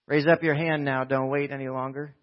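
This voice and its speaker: A man's voice: medium pitch, little pitch movement, brisk, natural voice. A man voicing a folksy male auctioneer from a storybook poem, coaxing the crowd with sales patter over a dull, lo-fi recording. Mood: hawking. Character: folksy male auctioneer hawking an old violin.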